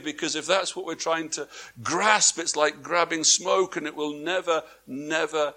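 Pastor man preaching, bright highish voice, goes quiet then loud, lots of "yeah?". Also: fairly even intonation, a little slow. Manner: dynamic preaching, swinging from quiet to emphatic; repeats words for emphasis, asks the congregation questions. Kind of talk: sermon. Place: church before a congregation, also streamed online.

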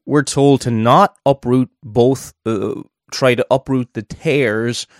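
Man, preacher, sermon, chatty asides, dry close sound, mid pitch. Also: steady tone, slow pace, dry recording. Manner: conversational, thinking aloud with asides.

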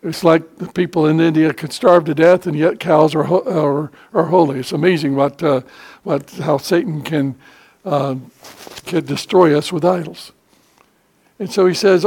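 An older man preaching a sermon as pastor, conversational and emphatic, with frequent pauses to gather his words. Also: fairly high pitch, steady tone, vocal fry, darkish tone, husky. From United States.

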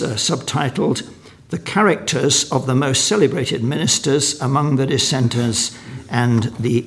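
An older man from England giving a lecture-style sermon at a conference, reading quotations aloud between many restarts and stumbles. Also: mid-range voice. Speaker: conference speaker.

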